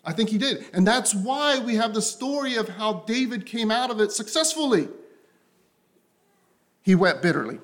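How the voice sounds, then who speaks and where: A man preaching a sermon to a congregation, impassioned and repetitive, often dropping to a soft, low voice. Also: sing-song, normal speed.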